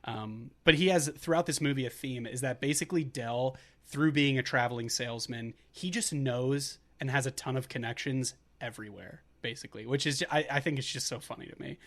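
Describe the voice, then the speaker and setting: A man's voice: mid-range voice, brisk, hardly any pauses, a bit bright. Rambling male podcast co-host. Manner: rambling, self-correcting, laughs often. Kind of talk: casual movie recap chat.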